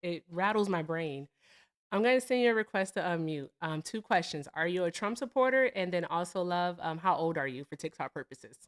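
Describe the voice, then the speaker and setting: A woman in her thirties hosting a live call-in stream, chatting casually and bluntly, swearing freely and giving viewers shout-outs. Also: lowish voice, animated, brisk.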